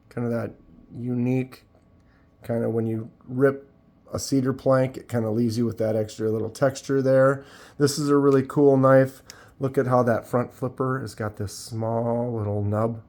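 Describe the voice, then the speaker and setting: A man in an easygoing hands-on demo, talking in a middle-pitched voice. He rambles in a friendly, loose way, trailing off and restarting with plenty of ums as he shows things off. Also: creaky, a little mellow. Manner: chatty, loose, self-interrupting with ums. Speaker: knife channel host. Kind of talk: casual hands-on product demo.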